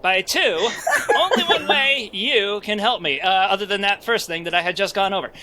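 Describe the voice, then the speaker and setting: Name: Clarence. Figure: bumbling crude angel voiced by a man. Pitch: high. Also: moderate pace, sharp tone, poor audio. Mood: playful. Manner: crude, jokey, giggling. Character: bumbling foul-mouthed male guardian angel. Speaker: player reading a script aloud. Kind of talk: comedic script read-through.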